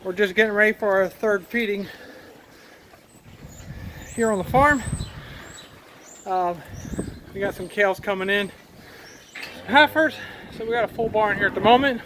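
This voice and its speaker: High-voiced farmer talking outdoors in wind. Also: male voice, unhurried, long pauses. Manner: plain-spoken, rambling, a bit defensive. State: out of breath. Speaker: cattle farmer and channel host. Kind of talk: casual vlog talk to camera. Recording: outdoor recording with clear wind noise.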